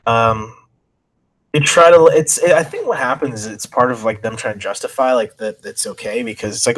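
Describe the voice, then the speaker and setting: A man's voice: medium pitch, moderate pace, a bit bright. A man reading chat logs aloud and commenting, thinking aloud and reacting with disbelief.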